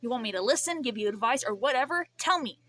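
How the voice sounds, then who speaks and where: A young woman vents to her camera, rambling and swearing as her feelings spill out. Her voice is bright and sits a little high. The talk is raw and personal. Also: lively intonation, fast. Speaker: vlogger. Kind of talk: emotional vent.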